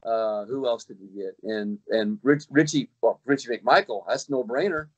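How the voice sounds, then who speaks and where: In a casual chat, a middle-aged man who works as a kayak fishing guide talks at a moderate pace with a mid-range voice, telling a long story with many restarts and dramatized quotes.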